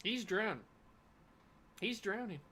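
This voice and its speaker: A man hosting a live watch-party reaction, chatting excitedly and talking to viewers by name. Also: high voice, slow pace, slightly rough. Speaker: reaction channel host.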